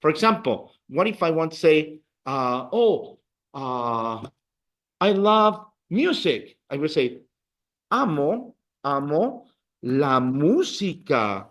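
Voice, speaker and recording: A man's voice: a little high, sing-song, slow pace, a bit bright. A man teaching a beginners' Spanish class in a classroom, patiently repeating words for the students to echo. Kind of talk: classroom language lesson.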